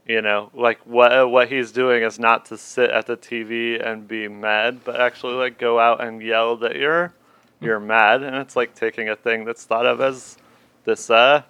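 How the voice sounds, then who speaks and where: A man's voice: mid-range voice, gravelly, bright, forceful tone, smooth, no echo. A man in a casual film discussion, talking in a laid-back, rambling way.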